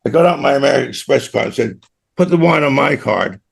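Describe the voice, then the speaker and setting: An older man from Australia speaks as an interview guest, his gravelly, fry-heavy voice sitting at an ordinary middle pitch. He tells long rambling anecdotes and keeps checking in with "right?". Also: lively intonation, fast talker. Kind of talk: storytelling interview.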